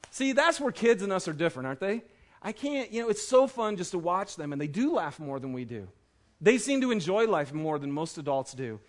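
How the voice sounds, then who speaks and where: A high-pitched man in his thirties preaching in a church auditorium. His sermon is loose and chatty, full of fillers, with eager family stories that pile up fast. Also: very animated. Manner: chatty and enthusiastic, many fillers. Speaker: pastor.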